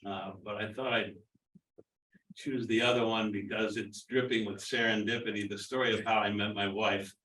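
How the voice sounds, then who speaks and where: A man in his seventies telling a story at a college reunion, measured and hesitant. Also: on the low side, little pitch movement, bright, forceful tone. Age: 70s. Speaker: reunion alumnus. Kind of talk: casual storytelling. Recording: roomy hall, distant mic.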